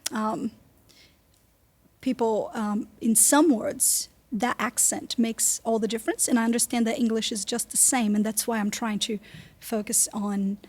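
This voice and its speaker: Lively Brazilian-accented woman, fairly high. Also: unhurried. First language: Portuguese. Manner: lively, laughs often. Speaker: guest singer. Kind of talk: casual interview chat.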